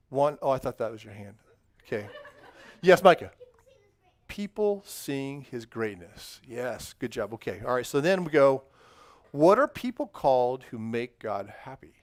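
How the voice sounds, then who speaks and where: A man's voice: medium pitch, dry recording. A middle-aged man giving a children's sermon in church, quizzing the kids and praising their answers in an upbeat, encouraging way. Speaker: children's pastor. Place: church sanctuary.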